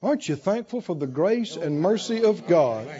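A man preaching a sermon with animated, rhythmic repetition and emphatic phrasing. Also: sits high, moderate pace, lo-fi sound.

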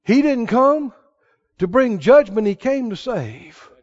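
A man's voice: very high voice, very animated, slow pace, darkish tone. A man preaching a sermon, telling stories in a folksy way and building to emphatic exhortation. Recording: dull lo-fi sermon recording.

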